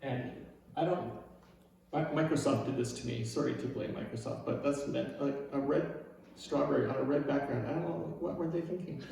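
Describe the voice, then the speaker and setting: Man preaching a relaxed sermon. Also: medium pitch, moderate pace, gravelly, heavy reverb, distant mic, a little hiss or hum, low-quality recording. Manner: casual and self-deprecating, with frequent "right?" asides. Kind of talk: conversational sermon.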